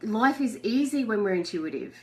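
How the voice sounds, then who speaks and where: A woman's voice: a little high, normal speed. Chatty woman hosting a live video. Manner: chatty and animated, laughing often. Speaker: host. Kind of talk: live video chat reading viewer messages.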